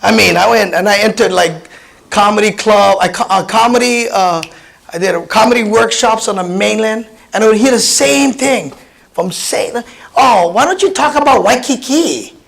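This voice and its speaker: Gravelly high-voiced Hawaiian man. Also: normal speed, poor audio. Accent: Hawaiian Pidgin-tinged English. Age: 50s. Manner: animated, chatty, many restarts and laughs. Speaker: comedian and keynote speaker. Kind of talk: personal storytelling speech.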